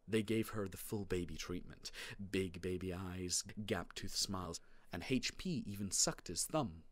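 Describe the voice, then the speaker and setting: A man narrating a children's storybook in the first person, wry and animated. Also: low-pitched, unhurried, no echo. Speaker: audiobook narrator.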